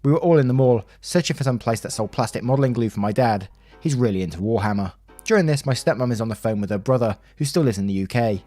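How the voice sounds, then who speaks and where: A man narrates online stories aloud in a conversational way, dropping wry asides, with faint music playing behind him. His voice sits at a medium pitch and sounds a little mellow.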